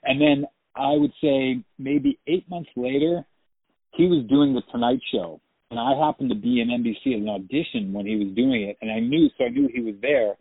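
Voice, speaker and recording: A man, an actor, telling lively anecdotes and laughing often in a phone interview. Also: medium pitch, moderate pace, creaky, husky, dry recording. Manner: chatty storyteller, laughs often. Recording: tinny dry phone line.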